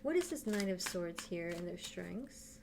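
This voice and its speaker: A woman's voice: fairly low pitch, very animated, unhurried, vocal fry, noisy background. A woman giving a casual tarot reading who talks straight to her viewers and thinks aloud as she turns the cards. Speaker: tarot reader.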